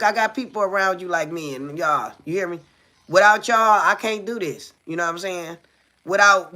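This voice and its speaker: A middle-aged woman holds a casual live chat with her viewers, blunt and profane, circling back with questions to them. Her voice is gravelly, fairly high and sharply tense. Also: sharp tone. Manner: blunt and profane, keeps asking viewers "you hear me?"; loose, rambling, with repeated fillers. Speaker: livestreamer talking to viewers.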